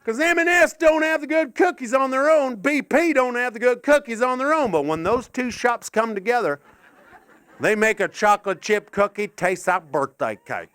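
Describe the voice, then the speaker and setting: A man's voice: extremely high pitch, animated, normal speed, clean tone, dry recording. Older man doing rambling stand-up. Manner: rambling, absurd, sweary, swings from mumbling to shouting rants. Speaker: stand-up comedian. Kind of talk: stand-up comedy set. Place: live comedy gig in an art gallery.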